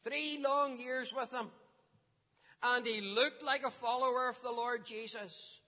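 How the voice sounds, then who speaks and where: A man's voice: extremely high pitch, steady tone, measured pace, pushed and bright. A man giving a gospel talk to children and parents in a church hall, often putting questions to the children. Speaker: children's preacher. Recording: dull lo-fi sound with long hall reverb.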